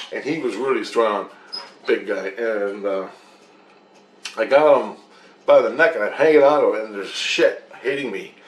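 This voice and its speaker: A man's voice: medium pitch, echoey room. A man telling a rambling, profane story as a casual monologue, recounting events animatedly.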